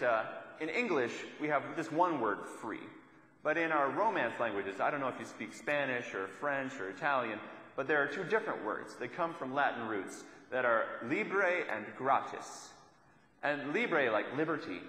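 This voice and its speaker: A man's voice: mid-range voice, pushed and bright, reverberant, long reverb tail, poor audio. A young adult man giving a sermon, telling a story in a conversational way and repeating lines for emphasis. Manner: storytelling, conversational with rhetorical repetition. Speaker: preacher.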